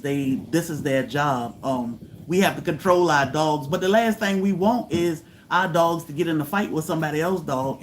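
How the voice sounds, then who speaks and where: Animated woman telling a story. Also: a little hiss or hum. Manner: animated, acts out quotes with high loud bursts. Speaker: homestead channel host. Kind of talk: casual livestream storytelling.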